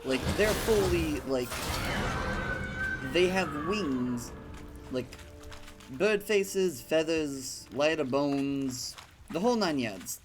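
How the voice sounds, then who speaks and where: Rambling gaming streamer. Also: male voice, on the high side, lively intonation, slow, pauses often, music in the background. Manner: rambling, filler-heavy storytelling with swearing. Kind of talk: casual let's-play commentary.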